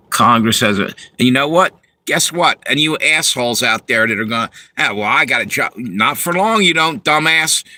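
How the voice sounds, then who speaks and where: Brief: a man hosting a livestream, heated and profane, tense bright tone. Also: mid-range voice, no room sound, poor audio. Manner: profane, heated, talks to viewers. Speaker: livestream host reading chat. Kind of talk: angry ranting livestream.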